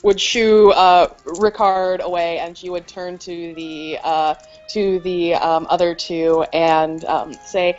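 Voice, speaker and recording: A woman's voice: lowish voice, fairly even intonation, slow pace, darkish tone, faint music behind. A woman playing a tabletop game, chatty and giggly, hesitating with lots of fillers. The recording is slightly muffled. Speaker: player. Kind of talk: casual tabletop game play.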